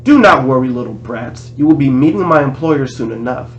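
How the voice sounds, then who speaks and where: A man reading aloud, voicing a monster posing as a male teacher, slow and sinister. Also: mid-range voice, expressive, highs cut off, slight background noise, natural voice. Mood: menacing.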